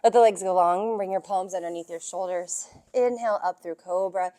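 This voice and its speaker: A woman's voice: fairly low pitch, normal speed, mellow. A young woman guiding a yoga and strength workout, cueing moves and counting reps in an encouraging way, at times out of breath. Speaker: yoga and fitness instructor. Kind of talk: guided workout instruction.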